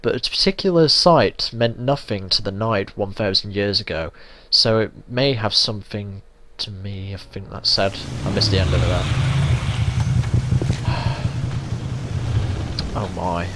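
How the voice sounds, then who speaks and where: A man's voice: on the low side, measured pace, long pauses, noisy background. A young man from England giving casual, sweary, ranting commentary while playing a video game. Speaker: let's play gamer.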